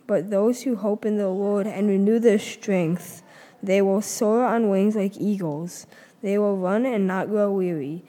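A woman reading a scripture passage aloud in church. She reads in a measured, earnest way with a few small stumbles. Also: medium pitch, mellow, long reverb tail. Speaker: scripture reader.

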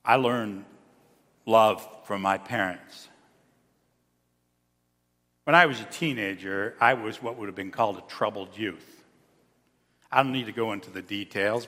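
A male pastor giving a sermon, swinging between loud emphasis and soft, hushed lines. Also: fairly low pitch. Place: church sanctuary. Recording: long reverb of a church hall.

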